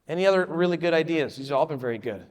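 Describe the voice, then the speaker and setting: A man's voice: a little high, expressive, rapid-fire, a little mellow, in a large hall. A man leading a volunteer training session, speaking casually and repeating answers from the group. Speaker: children's ministry leader training volunteers. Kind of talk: live training talk to a room.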